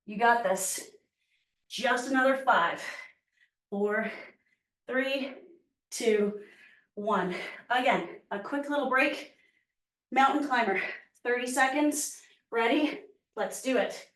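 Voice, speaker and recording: High-voiced fitness lady coaching while she works out, winded, echoey room, mic kinda far away. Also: slow, long pauses, fairly bright tone. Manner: encouraging, counting down reps while exercising. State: out of breath. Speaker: fitness instructor. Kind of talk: workout class instruction.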